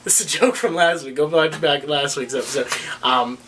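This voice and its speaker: A man's voice: fairly high pitch, normal speed, fairly bright tone. A man co-hosting a casual chat about the week's TV episodes, rambling and correcting himself as he goes and laughing often. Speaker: podcast co-host. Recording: distant mic with faint noise.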